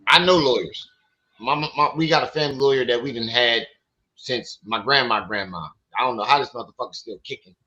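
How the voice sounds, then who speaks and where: A livestream host with a brisk, mid-range voice that sounds pushed and bright tells profane stories in casual chat. He acts out what other people said, and the sound is lo-fi.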